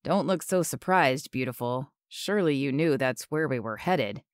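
A woman voicing a confident, tender young man in love, speaking low and softly. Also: expressive, moderate pace, smooth, no echo, clean studio sound.

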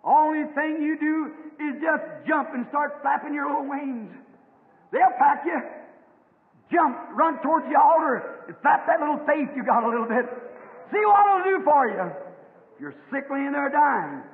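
A man preaching, voicing a fierce mother eagle calling her lost chick in high, loud, drawn-out cries. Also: big pitch swings, heavily acted. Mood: urging. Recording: tinny old recording in echoing hall.

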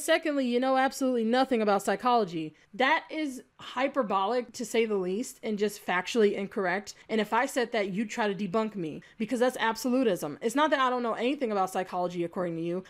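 A woman with a somewhat high voice talks straight to camera as she rebuts a critic. She reads his comments aloud, then tears into them in a blunt, sarcastic, exasperated way, swearing freely as she argues. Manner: exasperated, argumentative. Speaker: video creator answering a critic. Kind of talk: reaction commentary, reading out comments.

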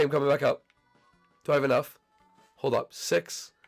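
A young man casually commenting on his gameplay, bantering and teasing his teammates, his voice still a little hoarse as it recovers. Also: mid-range voice, fairly quick, soft background music. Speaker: gaming channel host.

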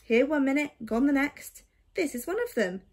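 Woman doing a creaky grumpy old albatross. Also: high voice, lively intonation, moderate pace. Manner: lofty, grumbling. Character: grumpy old male albatross, pompous and sniffy.

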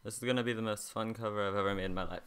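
A man quietly telling a story in a hushed, soft voice before playing a cover song. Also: fairly low pitch, fairly even intonation, very fast, smooth. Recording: roomy echo with loud ukulele. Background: ukulele playing.

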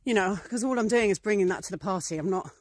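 A woman's voice: medium pitch, quick pace, no room sound. A woman from England talking casually to camera as a vlogger, chatty and rambling, with many fillers and small acted-out scenes. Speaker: priestess and vlogger.

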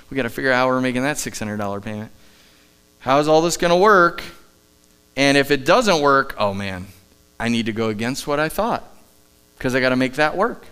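Emphatic male pastor preaching, smooth voice. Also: medium pitch. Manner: emphatic preaching, often dropping to soft asides. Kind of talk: sermon. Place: church sanctuary, live service.

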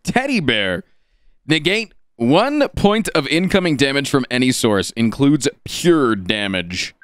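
A man streaming a card game, reading card text aloud and reacting with animated, profane commentary. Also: medium pitch, slow, clear, resonant tone, no room sound. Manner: animated and profane, swinging between flat card reading and excited outbursts.

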